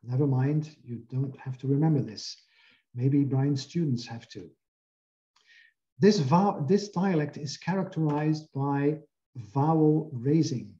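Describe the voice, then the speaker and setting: Male academic lecturer, very dark tone, careful and hesitant delivery, lo-fi video call sound. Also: fairly high pitch. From Belgium. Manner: careful, explanatory, with frequent "uh" pauses.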